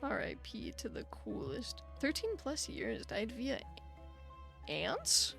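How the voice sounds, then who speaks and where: A young woman hosting a live stream sounds tired and a bit out of breath. Her voice is gravelly, with a pitch that swings up and down a lot. She chats loosely with plenty of fillers and soft laughs, and faint music plays underneath. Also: huge pitch swings, takes it slowly. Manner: chatty, sympathetic, frequent fillers and soft laughs. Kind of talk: casual live-stream chat, reading chat aloud.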